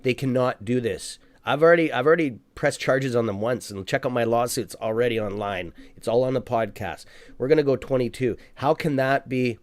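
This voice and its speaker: A man hosting a live stock-trading stream who talks excitedly as he buys shares, then mutters and swears at his trading app. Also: mid-range voice, dry recording. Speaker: stock trading livestream host. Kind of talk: live market commentary.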